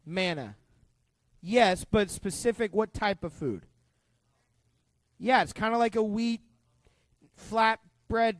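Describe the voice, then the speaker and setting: A man's voice: very high-pitched, no room sound. A man teaching a youth group Bible lesson as youth pastor, joking and quizzing the kids as he goes. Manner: animated, full of asides.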